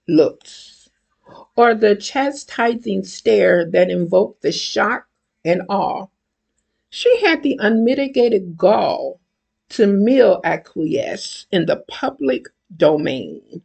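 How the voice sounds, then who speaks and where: An older woman reads from her own book in a slow, deliberate manner. Her voice is gravelly and husky, and each phrase is measured out carefully. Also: medium pitch, expressive, a little mellow. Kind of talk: reading a book excerpt aloud.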